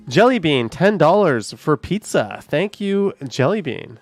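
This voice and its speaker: A man's voice: on the high side, sing-song, a little slow, hardly any pauses, faint music behind. A man live streaming, chatting casually with viewers, rambling and swearing at voice assistants when annoyed.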